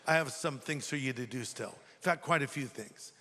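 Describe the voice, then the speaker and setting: A preacher voicing a calm, patient Lord. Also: male voice, medium pitch, normal speed, pitched below the performer's own voice. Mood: gentle. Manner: gentle, reassuring. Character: God, calm patient divine male voice. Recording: long hall reverb.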